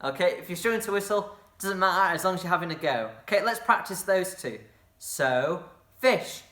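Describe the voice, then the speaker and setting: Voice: mid-range voice, lively intonation, moderate pace, a bit bright, echoey room. A drama workshop leader guiding children through a movement game, encouraging them and making playful sound effects.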